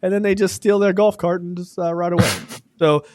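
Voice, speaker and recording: A man co-hosting a casual film review podcast, talking loosely with many fillers and acting out scenes in quick quoted voices. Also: high voice, steady tone, a little mellow, no echo. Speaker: podcast co-host.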